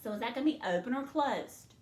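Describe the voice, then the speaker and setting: A woman teaching a second grade phonics lesson, slowly sounding out syllables in a clear teacher voice. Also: a little high, animated, a little mellow, echoey room.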